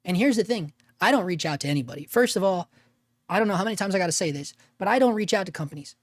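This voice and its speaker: A man hosting a casual livestream, rambling with restarts and dropping "man" and "dude", his voice gravelly after an illness. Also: sits high, lively intonation, racing, dry recording, studio quality. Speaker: livestream host and freelance videographer.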